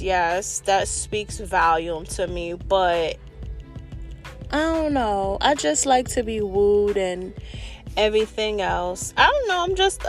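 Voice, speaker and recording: An expressive woman talks straight to her viewers in a candid monologue, her voice sitting fairly high. She speaks in an animated, slangy way with the odd curse word. Soft music plays faintly underneath. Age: adult with children. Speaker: vlogger.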